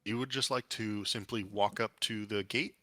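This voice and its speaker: A man's voice: lowish voice, steady tone, moderate pace, sharp tone, no echo. A man narrating as dungeon master, describing scenes with frequent fillers and restarts. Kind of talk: narrating a tabletop game.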